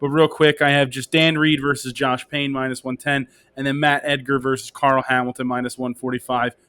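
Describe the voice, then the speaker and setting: Man with a bright, forceful voice. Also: medium pitch, little pitch movement, brisk, smooth. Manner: leads the segments, reads out betting lines. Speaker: podcast host. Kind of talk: casual sports betting chat.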